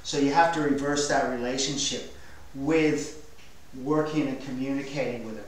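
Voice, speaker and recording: A man coaching a dog owner in a hands-on training demonstration, energetic and direct. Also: mid-range voice, normal speed. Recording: echoey room, mic far off.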